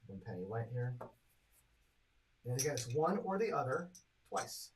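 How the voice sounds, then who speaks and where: In a sing-song, unhurried mid-range voice, a male craps host chats casually on his live stream over background noise. He calls out each roll, adds up his bets aloud, and talks directly to his viewers.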